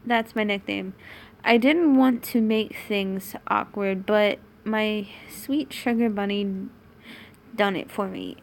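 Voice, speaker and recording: A woman's voice: mid-range voice, slow, darkish tone, a little hiss or hum. A young British woman reading fanfiction aloud on a stream, stumbling over the lines and adding sarcastic asides.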